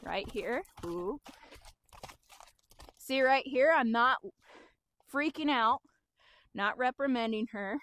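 Calm woman explaining horse training. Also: on the high side, slow pace, pauses often. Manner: calm, explanatory, talks to the horse as she works. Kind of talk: outdoor training demonstration. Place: outdoors with a horse.

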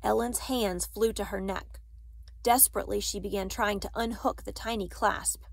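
Woman narrator, measured storytelling, dry close mic, mid pitch. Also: steady tone, gravelly, husky, no echo. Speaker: audiobook reader. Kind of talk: reading a children's novel aloud.

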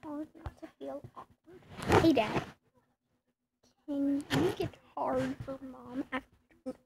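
A high-voiced woman reads funny text messages aloud and reacts with playful, exaggerated amusement. She takes her time over the lines. Clear noise sits behind her voice. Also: fairly even intonation, slow pace, pauses often. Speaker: comedy video narrator.

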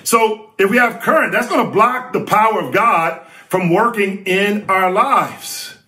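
Man, preacher, sermon, emphatic, bright tone, somewhat high pitch. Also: a little slow.

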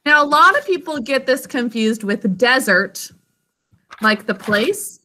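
A woman teaching young children a phonics lesson, patient and encouraging as she sounds out words slowly. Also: fairly high pitch, expressive, sharp tone, slight background noise.

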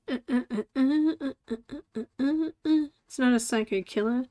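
A woman's voice: on the high side, normal speed, few pauses, mellow. A woman in her forties hosting a live coloring tutorial, chatting, laughing and teasing her cat as she works. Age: 40s. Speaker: art tutorial host. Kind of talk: live coloring stream chat.

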